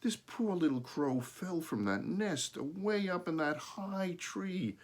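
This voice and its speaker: A man's voice: high voice, expressive, takes it slowly, voice pushed up, full character voice. A man reading as an eager young boy.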